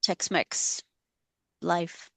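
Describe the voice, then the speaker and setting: A woman hosting a poetry reading over a video call, reading her own poem and then chatting, sometimes halting to search for words. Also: no echo. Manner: halting, self-correcting when searching for a word.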